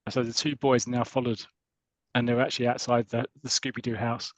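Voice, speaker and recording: A British man on a podcast, chatting and retelling a comic story in a rambling, lively way. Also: mid-range voice, a little fast, no echo. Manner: chatty, rambling, lively when reading out characters' lines. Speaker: podcast host. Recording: dull lo-fi audio.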